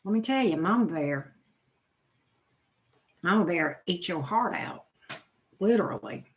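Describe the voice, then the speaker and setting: A woman's voice: lowish voice, animated, a little slow. Chatty woman reacting to live chat. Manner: chatty, reacts to chat names, exclaims often. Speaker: channel host reading live chat. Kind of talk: casual live-stream chat.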